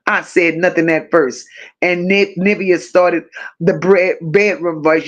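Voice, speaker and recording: A woman's voice: lowish voice, fairly even intonation, slow pace. A woman hosting a livestream, reading viewers' comments aloud and firing back with profane, teasing banter. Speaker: livestream host. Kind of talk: casual live chat reading comments.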